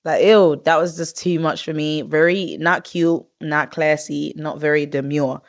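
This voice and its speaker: A woman in her twenties hosting a podcast in casual chat. She talks in an expressive, rambling way, with drawn-out groans of disgust. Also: low-pitched, creaky. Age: 20s. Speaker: podcast host.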